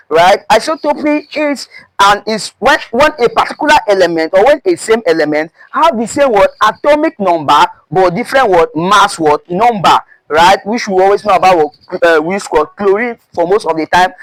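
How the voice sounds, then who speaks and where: A high-voiced man with a Nigerian English accent, teaching chemistry exam prep. He drills his listeners by ending phrases with "what?" and then supplying the answer himself. The sound is dry and close. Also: dry recording, rough recording. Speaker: chemistry tutor.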